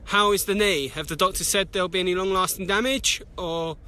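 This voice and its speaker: A man's voice: high voice, fairly quick, bright, forceful tone. A man with a British accent asking formal, polite interview questions, with some hesitation.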